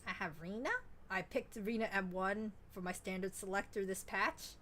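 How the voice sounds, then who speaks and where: A woman streamer chatting casually while playing a game, excitable and rambling, swearing freely. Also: medium pitch, moderate pace, slight background noise. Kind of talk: casual gaming stream chat.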